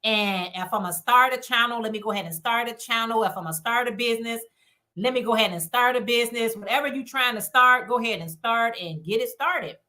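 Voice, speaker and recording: Chatty bright-voiced woman hosting a livestream. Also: a little high, quick pace. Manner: chatty and encouraging, reads chat comments aloud. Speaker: livestream host. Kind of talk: casual live-stream chat with viewers.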